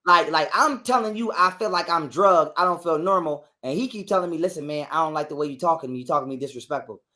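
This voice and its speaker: Speaking fast in a slightly high voice, a male interview guest relates a profane story in casual conversation. His retelling is animated, and he performs other people's lines along the way.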